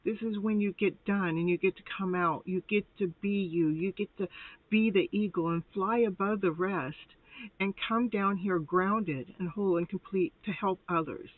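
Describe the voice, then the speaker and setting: A woman's voice: medium pitch, moderate pace. A woman hosting a live tarot show, chatty and rambling, laughing often and a little short of breath. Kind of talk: casual live tarot reading. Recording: tinny phone-like line, dry.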